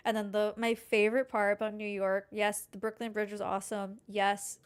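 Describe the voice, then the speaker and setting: A young woman co-hosting a podcast in a casual, animated chat, full of filler words. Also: mid-range voice, normal speed, clean tone. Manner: animated, chatty, heavy use of filler "like". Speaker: podcast co-host.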